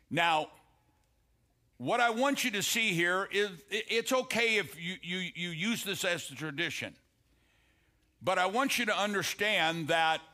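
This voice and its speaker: A pastor preaching a sermon, slowing down for emphasis and asking the congregation for an amen. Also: male voice, sits high, sharp tone. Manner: preaching, asks congregation "Amen?", quotes scripture with emphatic slowed phrases.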